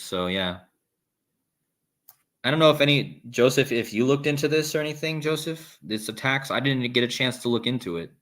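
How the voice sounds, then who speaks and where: A man's voice: medium pitch, expressive, normal speed, a bit bright. A man hosting a casual live stream, rambling with restarts and reading viewer comments aloud. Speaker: livestream host.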